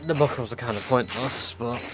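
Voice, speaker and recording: A man's voice: mid-range voice, moderate pace, heavy background noise. A British man on a live game stream, rambling and thinking aloud in casual chat, swearing now and then.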